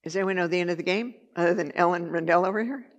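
Woman teaching Bible study with vocal fry. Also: on the low side, rapid-fire, muffled recording. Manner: conversational, with chatty asides and filler words. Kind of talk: casual Bible lesson.

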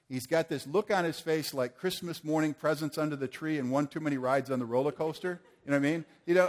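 Animated male preacher telling a story. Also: on the high side. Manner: animated, acts out the people in his story. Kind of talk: storytelling sermon.

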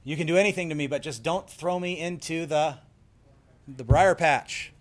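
A man's voice: a little high, normal speed, natural voice. A man voicing a cunning male folk-tale rabbit who pleads theatrically, told within a sermon. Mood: pleading.

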